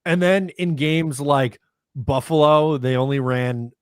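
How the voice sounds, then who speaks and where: A man's voice: on the high side, a little slow, clean tone, no echo. Laid-back man talking football on a dry mic. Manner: relaxed, reads out listener comments. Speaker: podcast host. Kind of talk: casual sports chat.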